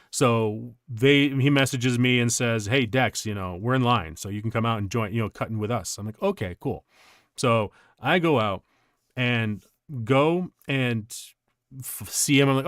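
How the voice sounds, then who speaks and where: A man streams a game and chats casually, telling rambling stories with lots of laughter. His pitch swings widely and his voice sits in a mid register. The sound is dry and close, with no room around it. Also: no echo. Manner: animated, rambling storyteller who laughs often. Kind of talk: casual chat while livestreaming a game.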